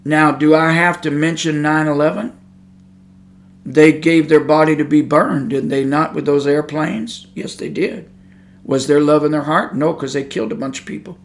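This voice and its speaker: A man's voice: on the high side, steady tone, moderate pace. A man preaching an informal podcast sermon into a microphone, folksy and emphatic, swelling to fervent intensity. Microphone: studio microphone.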